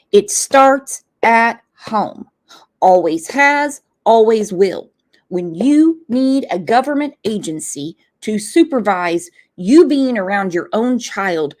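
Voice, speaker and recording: A woman hosting a true crime livestream, angry and blunt, swearing freely as she comments. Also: fairly high pitch. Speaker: true crime channel host.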